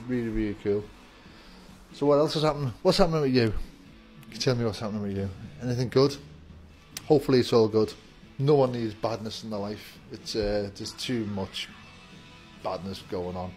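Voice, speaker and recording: A man's voice: mid-range voice, darkish tone. A man chatting casually to camera from inside his shop, upbeat and rambling. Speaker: vape shop worker greeting viewers. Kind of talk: casual vlog chat to camera. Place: inside a shop with the door open. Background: faint music in the shop.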